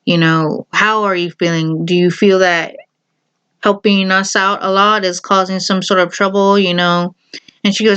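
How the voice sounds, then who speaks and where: A woman talks through her opinions in a casual vlog, with a clear, smooth voice. She speaks straight to her viewers and drives each point home by saying it again and again. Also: medium pitch, flat delivery, normal speed, fairly bright tone. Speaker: vlogger.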